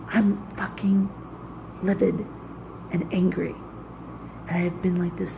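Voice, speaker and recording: A woman's voice: fairly low pitch, level tone, slow, gravelly, long pauses, warm tone, slight background noise, rough recording. A woman speaking in an intense, raw, profane personal monologue, pouring out anger and hurt. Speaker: vlogger.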